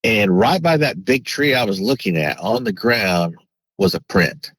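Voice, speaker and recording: A man with a low, slightly husky voice tells a personal story as a podcast guest. He rambles and restarts his sentences often. The recording is dry and close. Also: expressive, a little slow, a bit bright, no echo, low-quality recording. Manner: rambling, many restarts and fillers. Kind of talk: casual storytelling.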